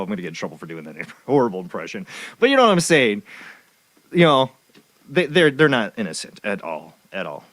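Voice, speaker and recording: A man's voice: on the low side, fairly bright tone, dry recording. A man hosting a talk show, rambling along in a cynical, sarcastic way. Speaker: show host. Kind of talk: casual talk radio commentary.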